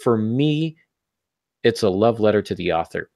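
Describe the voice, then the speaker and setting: Guy with a lowish voice hosting a writing podcast, punchy and emphatic, dry close sound. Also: expressive, normal speed, a little mellow, dry recording. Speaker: podcast host. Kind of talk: casual podcast chat about writing.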